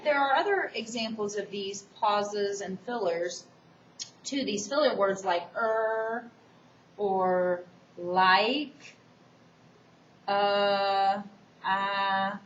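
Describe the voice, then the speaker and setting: A woman public speaking instructor giving a recorded course lecture, explaining the assignment in a quick, enthusiastic way. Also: medium pitch, fairly bright tone, a little hiss or hum. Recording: distant, roomy, dull recording.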